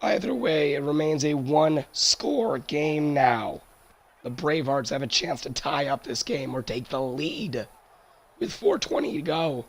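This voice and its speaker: A hoarse young man doing play-by-play commentary of a football game, his worn-out voice jumping high on big plays. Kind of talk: solo sports commentary over a video game.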